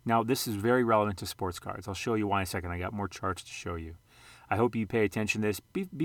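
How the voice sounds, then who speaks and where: A man's voice: on the low side, quick pace, dry recording. A man casually walking through charts for his channel, rambling and correcting himself with joking asides. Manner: rambling, self-correcting, jokey. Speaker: sports card and investing vlogger. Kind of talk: casual screen-share commentary.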